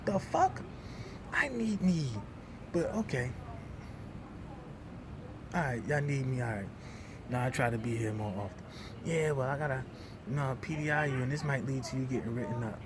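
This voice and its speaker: A young man, venting in a heated, profane rant that swings between loud outbursts and low muttering. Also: expressive, normal speed, pauses often, background noise.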